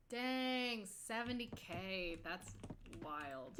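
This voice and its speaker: A woman's voice: medium pitch, background noise. A woman streaming a farming game, rambling and thinking aloud with self-mocking asides. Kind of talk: casual gameplay commentary. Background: game music.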